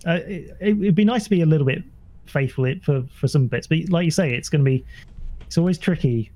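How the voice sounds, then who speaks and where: Man, higher-pitched and mellow voice, easygoing chat, laughs often. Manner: laughing, self-deprecating, halting restarts. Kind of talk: casual chat.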